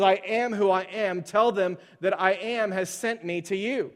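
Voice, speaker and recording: A man's voice: sits high, measured pace, few pauses. A man preaching a sermon as pastor, talking in a loose conversational way with many fillers and restarts, and telling stories with animation. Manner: animated storyteller.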